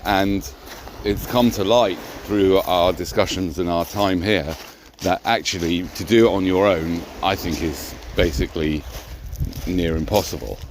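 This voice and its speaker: Deep-voiced male co-host, halting and repetitive, faint background noise. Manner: hesitant, repeats words and restarts often. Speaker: co-host of a personal growth talk. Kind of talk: reflective casual conversation.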